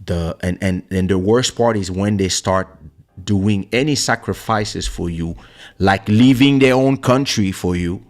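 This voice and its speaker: A man's voice: deep voice, unhurried. A man hosting a podcast, talking casually and telling a personal story, acting out the voices of the people in it. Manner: animated storyteller who acts out voices in quotes. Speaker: podcast host and musician. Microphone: studio podcast microphone.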